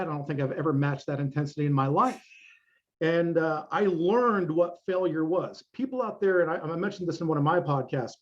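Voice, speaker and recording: A man's voice: a little high, a little mellow, highs cut off. A middle-aged man, a fitness coach guest, talking bluntly and emphatically in a casual interview, with plenty of swearing.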